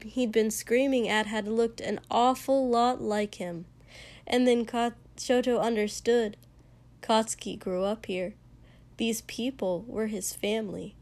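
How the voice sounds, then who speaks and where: Woman reading a story out loud, slow and steady, kinda high voice. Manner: unhurried, measured. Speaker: narrator. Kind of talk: reading fiction aloud.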